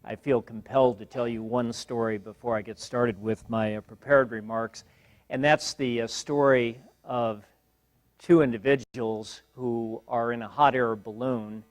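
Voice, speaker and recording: An older man giving a university guest lecture in a measured, wry way, pausing often with fillers. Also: medium pitch, steady tone, no room sound. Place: lecture hall.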